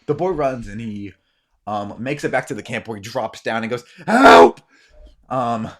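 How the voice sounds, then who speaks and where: A man's voice: mid-range voice, a little fast. A man narrating as game master in a tabletop role-playing game, telling the scene loosely with many ums and sniffs.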